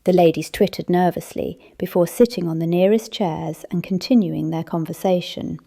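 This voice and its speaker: A woman narrating a cozy mystery audiobook, giving the characters small lifts in pitch. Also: steady tone, moderate pace, creaky, hardly any pauses, dark tone. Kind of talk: scripted narration.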